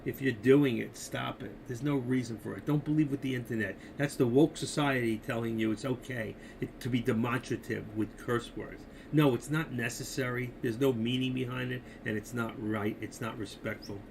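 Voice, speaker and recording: Older man, gravelly voice, rambling live-stream talk, opinionated, faint background hiss. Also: mid-range voice, steady tone, moderate pace, hardly any pauses, a little mellow. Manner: rambling, opinionated, talks to viewers directly. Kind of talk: casual live-stream chat about markets.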